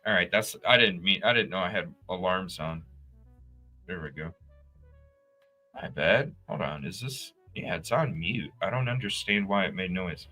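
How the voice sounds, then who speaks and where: A man hosting a casual true crime livestream, talking straight to his chat viewers in an animated, profane, rambling way. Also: sits low, moderate pace, faint music behind.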